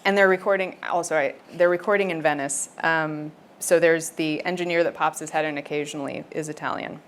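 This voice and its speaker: A woman audiobook narrator speaks on a festival stage through a clip-on lavalier, her voice slightly low and full of energy. She laughs easily and flips into character voices mid-sentence. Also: fairly even intonation, brisk, slight background noise. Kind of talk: live on-stage conversation with readings.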